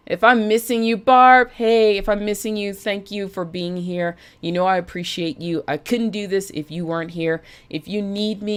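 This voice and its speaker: A woman hosting a casual live stream as a budget coach, chatty and animated, greeting viewers by name. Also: fairly low pitch.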